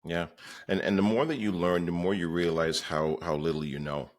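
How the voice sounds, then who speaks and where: Podcast guest, male, real estate coach, very low voice, rambling anecdotal storyteller. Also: steady tone, normal speed. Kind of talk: conversational storytelling.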